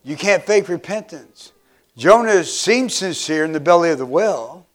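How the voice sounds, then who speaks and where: A man preaching a sermon as pastor, filling pauses with "uh" and calling for amens. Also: on the high side, lively intonation. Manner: preaching with frequent "uh" fillers, asking for amens.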